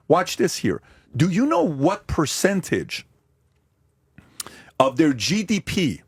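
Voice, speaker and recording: A man from America debating on a podcast, forceful and emphatic, firing off rhetorical questions. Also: fairly high pitch, husky, no room sound, studio quality. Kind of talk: heated debate.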